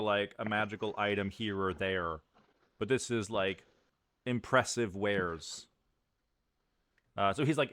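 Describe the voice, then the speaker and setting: A man's voice: fairly low pitch, fairly bright tone, no room sound. A man narrating as game master of a tabletop game, talking loosely with lots of fillers.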